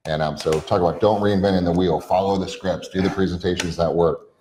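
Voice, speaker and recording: A man with a very low voice co-hosts a casual podcast. He coaches his listeners, stringing points and questions together in long run-on lists. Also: steady tone, brisk, a little mellow, a little hiss or hum, poor audio. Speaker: podcast co-host. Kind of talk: casual chat.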